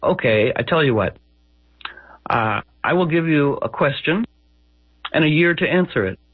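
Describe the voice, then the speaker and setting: A man's voice: on the high side, lively intonation, normal speed, slightly rough, no echo, phone-quality sound, pitched above the performer's own voice. A man voicing a vengeful knight who makes blunt threats in a radio story. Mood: threatening. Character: vengeful male knight, menacing yet fair.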